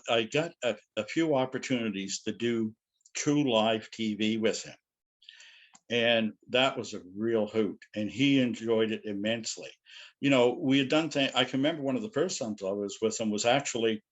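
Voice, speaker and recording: A middle-aged man telling anecdotes as a guest speaker in a loose, rambling way. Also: fairly low pitch. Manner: rambling, anecdotal, frequent "you know". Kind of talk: casual storytelling lecture.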